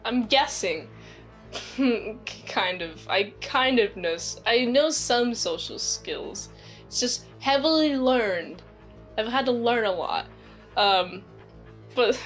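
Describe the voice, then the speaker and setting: High-voiced woman rambling through a movie recap. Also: fairly bright tone. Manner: rambling, self-interrupting, giggly. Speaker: movie reviewer.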